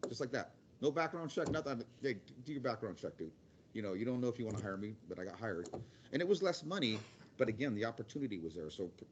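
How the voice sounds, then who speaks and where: A man's voice: fairly low pitch, a little mellow, muffled recording, a little hiss or hum. A middle-aged man giving a casual career talk as a guest speaker, rambling and acting out quotes in other voices.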